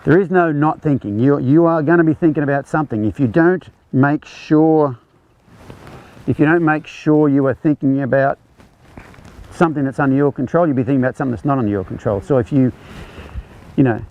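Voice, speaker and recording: A man's voice: fairly high pitch, a little fast, phone-quality sound. A man teaching a horsemanship clinic, explaining conversationally as he demonstrates groundwork with a horse. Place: outdoor ranch arena.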